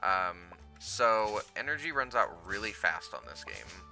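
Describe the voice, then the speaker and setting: Low, bright-toned man narrating gameplay. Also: big pitch swings, a little slow, creaky, soft background music. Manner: casual, rambling, explains as he plays, many ums. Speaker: let's play host. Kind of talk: gameplay commentary.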